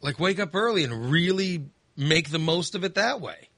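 Casting: middle-aged man, podcast co-host, rambling storyteller, bright tone, dry close sound. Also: on the high side, normal speed, gravelly, no echo. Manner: rambling, animated storytelling with restarts. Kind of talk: casual chat.

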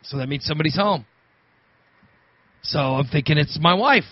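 A man's voice: fairly high pitch, moderate pace, slightly rough, dry recording. A man telling a rambling, repetitive story in casual chat, laughing often. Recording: dull lo-fi recording.

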